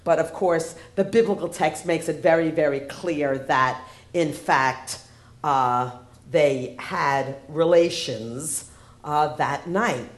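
A woman's voice: deep voice, slow pace. A woman giving a humorous lecture, wry in tone and often asking the audience rhetorical questions. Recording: roomy echo.

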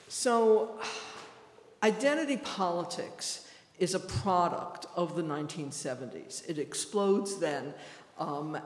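A woman's voice: fairly low pitch, darkish tone. New York-accented woman lecturing in a hall. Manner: measured, explanatory, talks to the audience directly. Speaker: history professor. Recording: echoey hall.

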